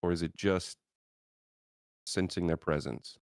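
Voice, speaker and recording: A man's voice: deep voice, steady tone, measured pace, dry recording. A man playing a tabletop role-playing game, thinking aloud with hesitant fillers. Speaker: player. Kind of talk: casual tabletop game chat.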